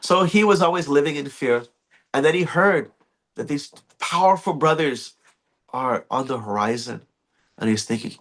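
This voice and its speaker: A man leading a morning scripture class in a temple, telling stories in an animated, chuckling, loosely phrased way. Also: medium pitch, normal speed, gravelly. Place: temple hall.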